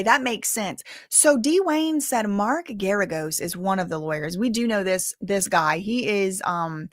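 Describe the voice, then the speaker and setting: A woman's voice: medium pitch, no echo, studio quality. A woman chatting casually on a live stream, updating viewers on a court hearing and reading their comments aloud with lots of filler words. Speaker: livestream commentator on a court case.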